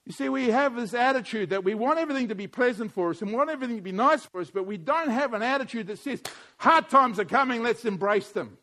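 A man preaching a sermon as a pastor, animated and acting out the voices of others. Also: very high-pitched, fast, few pauses.

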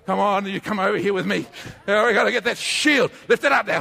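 A male preacher delivering an energetic sermon, leading his congregation in call-and-response and often shouting. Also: high-pitched, brisk, vocal fry.

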